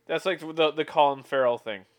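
A man chatting casually as a podcast co-host, animated when he quotes people. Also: on the high side, normal speed. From California. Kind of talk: casual chat.

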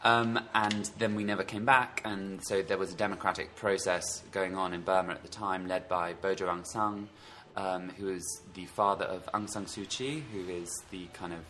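A man's voice: deep voice, little pitch movement, moderate pace, hardly any pauses, pushed and bright, slight background noise. A man with a slightly posh London accent, chatting casually on a podcast and rambling with many ums and self-corrections. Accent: southeastern English, London, slightly posh. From England. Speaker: podcast co-host. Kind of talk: casual chat.

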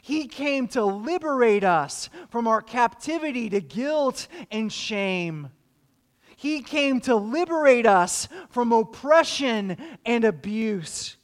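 A man's voice: very high-pitched, animated, slow, big-room sound. A man preaching a sermon as pastor, joking dryly in asides and then stacking earnest rhetorical questions.

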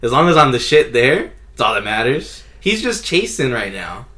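A man's voice: mid-range voice, big pitch swings, moderate pace, pushed and bright. A young man co-hosting a casual podcast, blunt and opinionated, teasing his friends. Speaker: podcast co-host. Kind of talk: casual chat.

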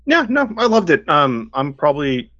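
A man's voice: fairly high pitch, big pitch swings, normal speed, a bit bright, no room sound. A man co-hosting a casual podcast chat, talking in an enthusiastic, rambling way and saying "like" often. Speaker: podcast co-host. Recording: dry lo-fi sound.

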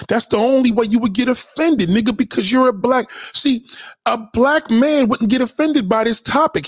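A man hosts a livestream, talking in a loose, profane and confrontational way. His pitch swings up and down a lot, and the sound is dry and close, with no room behind it. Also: breathy edge, dry recording. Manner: profane, confrontational, shout-outs to viewers. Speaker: livestream host. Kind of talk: casual livestream rant.

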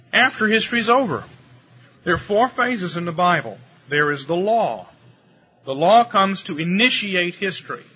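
A man preaching a lecture-style sermon, animated and shifting his pace and pitch for emphasis. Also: slightly rough. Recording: muffled live recording with faint room noise.

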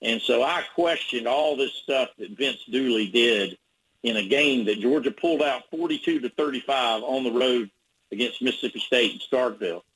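Husky male sports reporter on radio, meandering anecdotes. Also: mid-range voice, moderate pace, fairly bright tone, poor audio. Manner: rambling storyteller with restarts. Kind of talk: radio interview guest.

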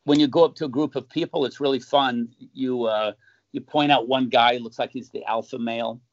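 A man, a magician guest in a casual interview, telling stories and acting out accusing voices with sudden loud jumps. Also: medium pitch, fairly even intonation, a little fast. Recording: dull, muffled sound.

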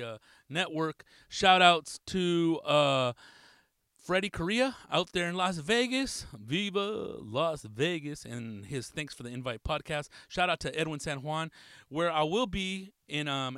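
Male podcast host, bright and punchy, dry close mic, loose and profane delivery. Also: a little high, clear, resonant tone, dry recording. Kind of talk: casual podcast shout-outs.

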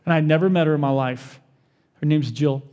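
High-voiced pastor preaching in a hall. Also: male voice, a little fast. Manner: animated, asks the crowd questions, acts out quoted voices. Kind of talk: sermon.

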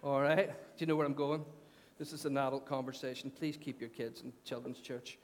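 A man's voice: mid-range voice, steady tone, brisk, slight background noise. A man preaching a sermon as pastor, conversational, repeating phrases and asking the congregation questions. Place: church hall. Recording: long church hall reverb.

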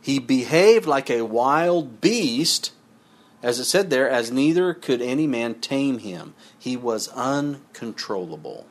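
Man, preacher, mid-pitched voice, reads scripture aloud, chatty asides between passages. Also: expressive, slow. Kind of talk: sermon with scripture reading.

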